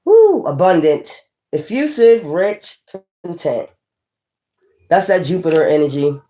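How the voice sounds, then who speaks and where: A woman's voice: on the low side, very animated, measured pace, dark tone. A woman tarot reader in a casual, scornful rant, blunt and profane, hammering her points home by repeating them. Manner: repetitive, emphatic.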